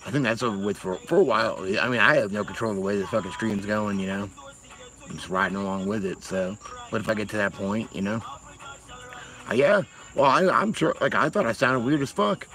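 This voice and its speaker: A man's voice: on the low side, fairly quick, fairly bright tone, rough recording. A man from Massachusetts chatting casually on a livestream, rambling and swearing, often laughing. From Massachusetts, USA. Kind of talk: casual chat.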